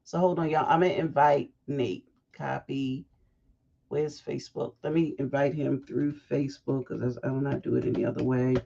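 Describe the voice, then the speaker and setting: A woman hosting a casual livestream, chatty and animated, breaking off into asides. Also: rumbling low, moderate pace, gravelly, slightly rough. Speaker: fashion week organizer hosting a livestream. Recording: dull lo-fi livestream audio.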